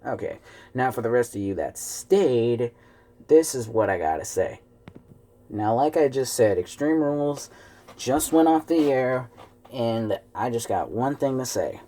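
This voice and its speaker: Guy ranting at home, swearing nonstop, all fired up, normal pitch voice. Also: animated, a little slow, dark tone. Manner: heavy cursing, fired-up rant. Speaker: wrestling fan vlogger. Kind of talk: angry ranting vlog.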